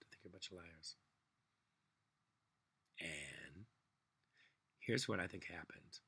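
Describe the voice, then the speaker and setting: A man rants alone to his camera, swearing freely and dripping with sarcasm. His voice sits low and husky, with a tense, forceful edge. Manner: angry, profane, sarcastic ranting. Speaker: vlogger. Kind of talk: solo political rant.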